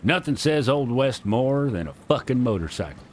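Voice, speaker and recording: A man's voice: medium pitch, big pitch swings, moderate pace, a little hiss or hum. Southern man voicing game dialogue on stream. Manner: casual, profane, switches between reading lines and chatting.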